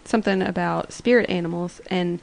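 A woman's voice: lowish voice, steady tone, fairly quick, gravelly, poor audio. A woman co-hosting a fan podcast in a laid-back way, sharing research from her notes and recapping scenes. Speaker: podcast co-host. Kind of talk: casual fan podcast chat.

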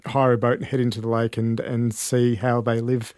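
A man co-hosting a travel podcast, chatting casually with joking asides and quick questions. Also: mid-range voice, little pitch movement, a little mellow, no echo, clean studio sound. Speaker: podcast co-host. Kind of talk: casual chat.

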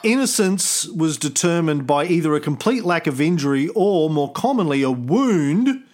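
A man's voice: fairly high pitch, lively intonation, normal speed, a little mellow. A man hosting a history podcast, telling the story in an irreverent, swearing, comic way with wry asides. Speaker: podcast host.

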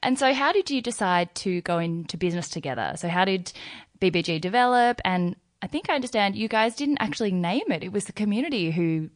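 A woman's voice: mid-range voice, animated, a little fast, no room sound, clean studio sound. A woman hosting a podcast, interviewing with effusive enthusiasm. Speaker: podcast host. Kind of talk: casual interview chat.

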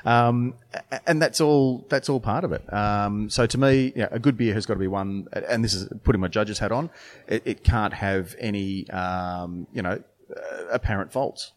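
A middle-aged man chats easily in an interview, his voice sitting a little low. He rambles through stories and stops often to restart his sentences. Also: normal speed. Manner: rambling storytelling with many restarts and fillers. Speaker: brewer and beer judge. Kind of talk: casual interview chat.

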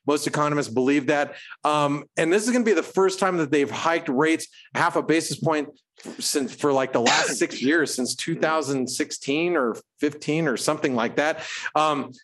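A man co-hosting a trading show from home, chatting casually about markets and cracking puns. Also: on the high side. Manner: animated, punny, jokey asides.

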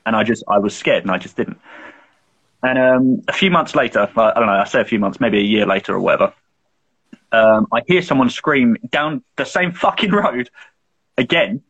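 A man's voice: medium pitch, animated, normal speed, fairly bright tone, breathy edge, dull audio. A young man co-hosting a podcast, telling a long personal story in casual chat, full of swearing, fillers and restarts. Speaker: podcast co-host.

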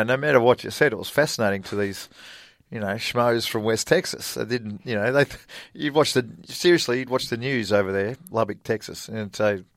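A man's voice: medium pitch, vocal fry, no echo, studio quality. A middle-aged Australian man, a former college golfer, telling stories in a casual interview, chatty and laughing often. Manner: chatty, laughs often, animated retelling with voiced quotes.

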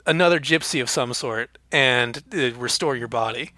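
A man's voice: medium pitch, normal speed, bright, forceful tone, dry recording. A young man co-hosting a podcast, rambling through silly jokey bits in casual chat. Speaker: podcast co-host.

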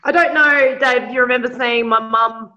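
A woman's voice: a little high, steady tone, normal speed, sharp tone. A woman in casual podcast chat, eager and enthusiastic. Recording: dull lo-fi recording.

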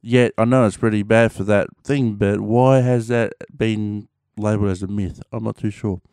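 On his own podcast, an Australian host chats solo in a loose, rambling way, restarting often, using lots of fillers and swearing now and then. His low voice is smooth, a little mellow and fairly even in intonation, moving at a normal speed. The audio is close, dry and clean, without echo or room sound.

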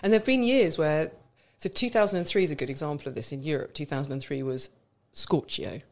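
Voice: medium pitch, quick pace, darkish tone. A radio co-host explaining wine in an easy, knowledgeable way, laughing now and then. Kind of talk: casual radio chat. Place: radio studio.

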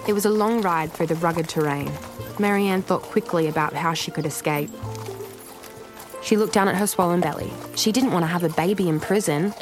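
A woman storyteller giving scripted narration for children in a lively, expressive way. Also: on the low side, normal speed, rough recording. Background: soft music.

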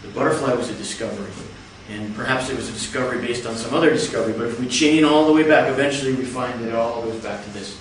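A man explains a topic to an audience in a measured, step-by-step lecture. His voice rings through a large hall with heavy echo. He sounds a little distant from the microphone, with faint background noise. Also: mid-range voice. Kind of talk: explanatory talk. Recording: echoey hall, from far off.

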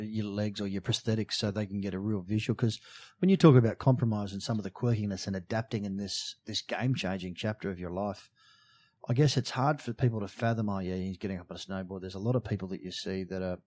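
A male host questioning a guest, quick and prompting, with short affirmations. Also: on the low side, fairly even intonation, a little mellow. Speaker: podcast host. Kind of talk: interview questions.

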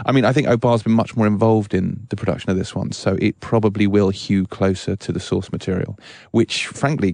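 A man with a low, gravelly voice co-hosting a podcast. He talks about film news in a measured, knowing tone, with many hedging pauses. The sound is dry and close. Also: darkish tone, no room sound. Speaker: podcast co-host. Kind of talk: casual film news discussion.

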